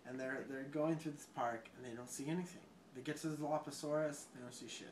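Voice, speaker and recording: A drunk man rambling through a movie plot, swearing often, laughing and breaking into sudden loud outbursts. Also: a little high, steady tone, fast talker, slight background noise. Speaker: storyteller.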